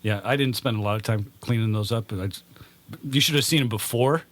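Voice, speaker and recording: A man with a Californian accent co-hosting a podcast, chatting in a relaxed, offhand way. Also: lowish voice, fast. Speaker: podcast co-host. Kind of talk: casual garage chat.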